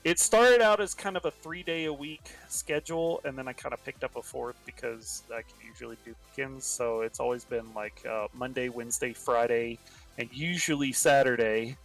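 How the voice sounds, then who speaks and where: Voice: mid-range voice, normal speed, soft background music. A streamer with a subtle Texan accent, chatting casually in a livestream interview and laughing often. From Texas. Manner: laid-back, laughs often. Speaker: VTuber streamer, interview guest.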